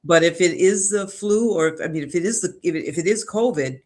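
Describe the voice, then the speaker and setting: A man with a slightly raised pitch offering earnest health advice on a talk show. He speaks plainly and practically, with the odd light chuckle. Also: brisk. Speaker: health guest. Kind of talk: casual health discussion.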